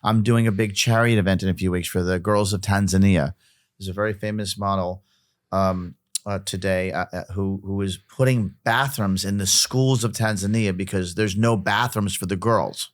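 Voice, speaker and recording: A man's voice: low-pitched, steady tone, moderate pace, no echo, studio quality. A middle-aged man, a podcast guest, talking casually and emphatically, often repeating himself and restarting sentences.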